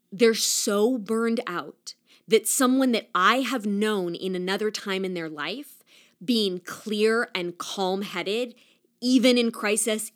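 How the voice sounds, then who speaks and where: A young adult woman hosting a solo podcast, talking in an earnest, reflective way with many casual "like" fillers. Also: mid-range voice. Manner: earnest and reflective, talks with her hands, frequent "like" fillers. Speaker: podcast host.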